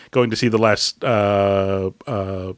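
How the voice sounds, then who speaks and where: A man's voice: lowish voice, steady tone, drawn-out words, dry recording, clean studio sound. A man co-hosting a podcast in casual chat, talkative and wry, laughing easily. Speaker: podcast co-host.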